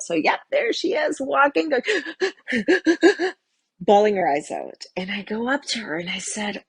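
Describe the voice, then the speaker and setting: A woman's voice: on the low side, breathy edge, dry recording. A middle-aged woman and lifestyle coach giving a candid, motivational talk to camera, addressing the viewer directly and swearing casually.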